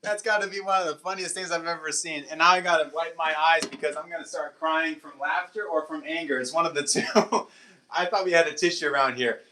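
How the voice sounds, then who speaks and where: A man with a bright, forceful voice pitched a little above the usual chats with his viewers on a livestream. He laughs often and slips into now and then. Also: fairly even intonation, a little fast. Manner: chatty, laughs often, switches between English and Portuguese. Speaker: livestream host. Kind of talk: casual chat with live chat.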